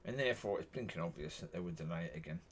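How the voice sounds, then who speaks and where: This vlogger chats casually to camera, plain-spoken and exasperated, rambling and repeating himself as he circles back. He talks rapid-fire in a low voice with lively intonation, over a faint hiss or hum.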